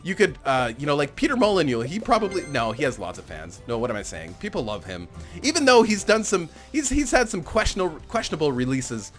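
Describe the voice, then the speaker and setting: A man's voice: fairly high pitch, sing-song, brisk, a bit bright, faint music behind. A man casually commentating on a management game he is playing, rambling and amused at himself, laughing often. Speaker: gaming channel host.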